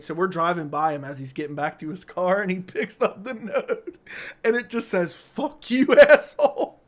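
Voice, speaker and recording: A man with a high-pitched voice hosts a casual livestream from a studio mic. He tells profane stories in an animated, rambling way and stops to answer chat questions. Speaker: livestream host. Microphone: studio dynamic mic.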